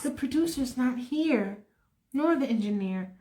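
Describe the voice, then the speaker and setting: A woman voicing a calm, soft-spoken male pop superstar who talks quietly and mildly. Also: a little slow, soft background music. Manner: quiet, low-key and mild.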